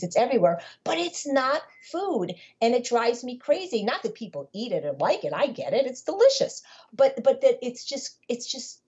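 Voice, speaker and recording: A woman's voice: a little high, mellow, husky. A woman speaking as a podcast guest, telling her story in an emphatic, conversational way and often repeating words as she builds a point. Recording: dull lo-fi podcast audio.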